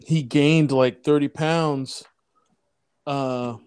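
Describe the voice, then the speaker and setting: A man's voice: on the high side, fairly even intonation, drawn-out words, a little mellow, a little hiss or hum. A man co-hosting a podcast in casual chat, bantering loosely and laughing often. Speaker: podcast co-host.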